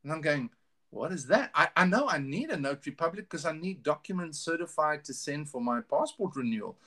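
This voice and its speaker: A middle-aged man speaking as a guest in a relaxed interview, his voice sitting a little high for a man. He talks earnestly and openly, stumbling and restarting as he goes. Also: a little fast. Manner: earnest, candid, with many restarts. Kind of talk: casual interview storytelling.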